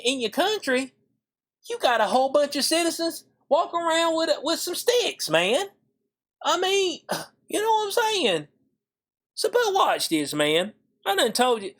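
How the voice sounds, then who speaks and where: A man giving casual vlog commentary, animated and slangy, swinging from high incredulous exclamations to low muttered asides. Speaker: YouTube commentator.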